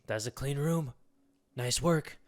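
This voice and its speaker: A man voicing a menacing, soft-spoken male babysitter with a low, hushed manner. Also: takes it slowly, dry recording, studio quality, natural voice.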